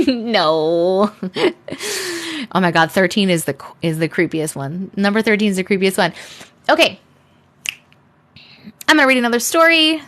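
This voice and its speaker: This live-stream host speaks a little slowly with long pauses, her medium-pitched voice swinging widely and carrying a fairly bright tone. She reads viewer stories aloud playfully, chatting and adding sarcastic asides into a desk microphone.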